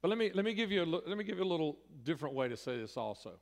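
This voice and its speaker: A man's voice: on the high side, big pitch swings, racing. A middle-aged man, a pastor giving a folksy, conversational sermon that swells into emphatic bursts. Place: church sanctuary. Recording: reverberant church hall.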